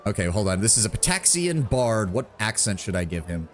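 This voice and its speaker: A man's voice: lowish voice, sing-song, a little fast, hardly any pauses. A man streaming a role-playing game, joking, swearing and thinking aloud, who also reads the game's story text. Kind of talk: casual game commentary and reading game text aloud. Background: faint game music.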